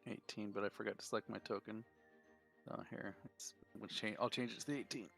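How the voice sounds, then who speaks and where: Gravelly-voiced male player. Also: on the low side, steady tone, fairly quick, fairly bright tone, soft background music. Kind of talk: casual tabletop play.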